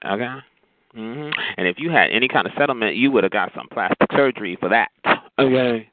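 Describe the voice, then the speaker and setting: A man's voice: mid-range voice, expressive, brisk. A man delivering a heated, sassy on-air rant, cutting and mocking, calling people honey. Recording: tinny phone-like audio with loud noise.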